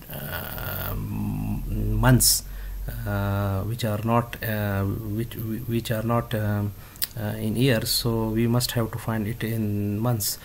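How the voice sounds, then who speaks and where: Slow, halting man teaching a coding lesson. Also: fairly low pitch, creaky, a little hiss or hum. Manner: halting, many fillers and restarts. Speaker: instructor. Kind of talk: screen-recorded coding tutorial.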